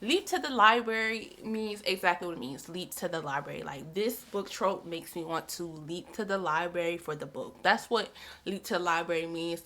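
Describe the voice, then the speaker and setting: Young female book vlogger, bright voice, loose chatty delivery. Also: fairly low pitch. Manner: chatty, repeats herself, many "like" fillers. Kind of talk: casual chat.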